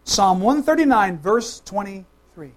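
Animated and mid-range in voice, a preacher talks straight to his congregation during a sermon, peppering them with quick questions. His delivery shifts from loud, emphatic calls to soft, hushed asides.

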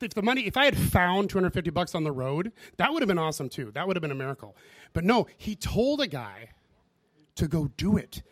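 Man, preacher, storytelling sermon, slightly high voice, acts out dialogue. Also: no echo. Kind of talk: sermon testimony.

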